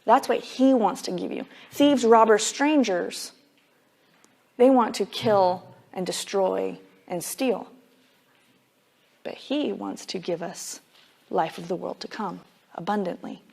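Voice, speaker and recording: A woman Bible teacher delivering a sermon in a relaxed, conversational way. She leans hard on key points and scatters "like" through her explanations, in a voice of middling pitch. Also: takes it slowly, vocal fry, slightly rough. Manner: casual and emphatic, with frequent "like" fillers.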